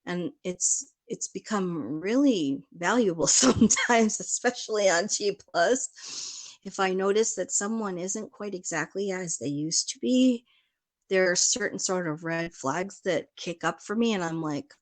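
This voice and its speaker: A woman's voice: mid-range voice, animated, measured pace. A woman from Chicago chatting casually as a guest, rambling in a stream-of-consciousness way and laughing often. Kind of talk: casual chat.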